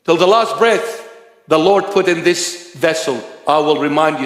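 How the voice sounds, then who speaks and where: Male preacher, high-pitched, bold and shouting at times, roomy hall sound. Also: a little slow. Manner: forceful, rising to shouting. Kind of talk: sermon. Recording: echoey hall.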